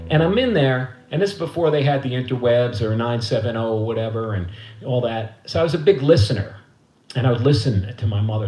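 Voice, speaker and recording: A man's voice: mid-range voice, mellow. A middle-aged man, telling a loose, profane story from his living room and acting out the voices of the people in it. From Queens, New York. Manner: casual, profane, laughing storyteller who acts out voices. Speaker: musician and host. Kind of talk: storytelling between songs on a livestream. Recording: echoey room with guitar.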